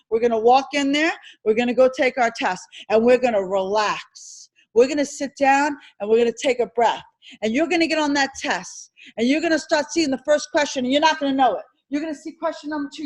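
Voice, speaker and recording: A woman instructor lecturing a classroom on insurance licensing, animated and repetitive as she drills and quizzes her students. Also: sits high, low-quality recording.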